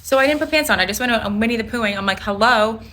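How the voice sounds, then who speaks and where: A woman telling an anecdote to camera with an exasperated, animated delivery. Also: fairly high pitch, rapid-fire. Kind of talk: storytelling to camera.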